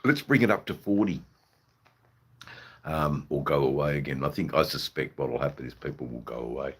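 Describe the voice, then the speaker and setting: A man's voice: a bass voice, brisk, slightly rough. An Australian man hosting a live stream, chatting in a rambling, hesitant way with lots of fillers and restarts and some blunt swearing. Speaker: livestream host.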